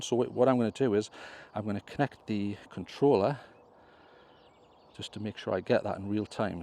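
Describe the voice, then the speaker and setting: A gravelly, lowish voice with a warm, mellow tone belongs to an English drone vlogger giving a casual outdoor tutorial on a hill. He explains things step by step in a chatty way, self-correcting, and clears his throat with a slight cough over slight background noise.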